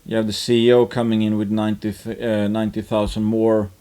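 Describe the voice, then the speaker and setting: A man's voice: fairly low pitch, little pitch movement, fairly quick, dark tone. Rambling male investing commentator. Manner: rambling, many fillers and restarts. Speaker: investing channel host. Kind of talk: casual market commentary.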